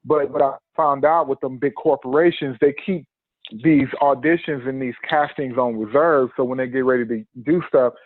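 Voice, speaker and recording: A man's voice: medium pitch, fairly even intonation, moderate pace, no room sound. A man telling a personal story in a podcast interview, acting out the quotes and laughing often. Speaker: podcast guest. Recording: tinny phone-line sound, dry.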